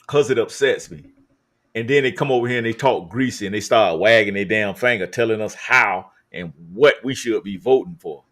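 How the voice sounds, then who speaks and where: A man's voice: on the low side, moderate pace, a bit bright. A man hosting a live stream, talking emphatically and drawing out his words with many hesitations. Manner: emphatic, drawn out, many uh fillers. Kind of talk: casual live-stream talk.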